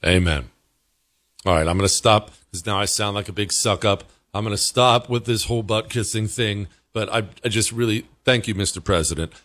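A man's voice: fairly low pitch, fairly quick, few pauses, fairly bright tone, dry recording, clean studio sound. A male host giving casual, emphatic commentary, with stammered restarts.

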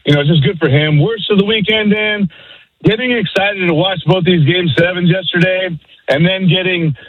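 A man calling in to a sports radio show, talking in an energetic, hyped way. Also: high voice, moderate pace, dry recording. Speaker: caller. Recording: muffled phone line.

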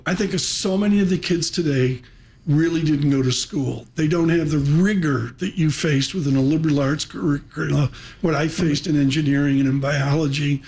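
A man's voice: fairly high pitch, a little mellow. A middle-aged man hosting a live radio show, talking in an effusive, rambling way with joking asides.

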